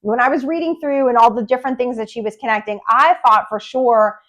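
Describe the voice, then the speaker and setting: A woman co-hosting a podcast, asking questions and reflecting calmly on a book in casual chat. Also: on the high side, brisk. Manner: leads questions, steady and agreeable. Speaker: podcast co-host.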